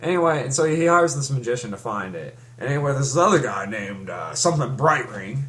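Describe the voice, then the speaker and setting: A man's voice: medium pitch, expressive, fairly quick, a bit bright. A young man in casual chat, rambling through a story with many restarts and fillers. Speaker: fan recapping a comic.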